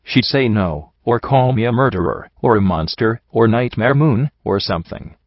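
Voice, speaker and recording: A man narrating a first-person story in an earnest, steady reading, in a dull, slightly muffled recording. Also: medium pitch, moderate pace, no room sound. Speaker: audiobook narrator. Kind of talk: first-person fan fiction audiobook reading.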